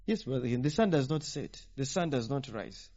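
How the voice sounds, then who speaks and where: Animated preacher man, dull lo-fi sound. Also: mid-range voice, normal speed. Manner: animated, rhetorical questions to the congregation. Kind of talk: sermon teaching.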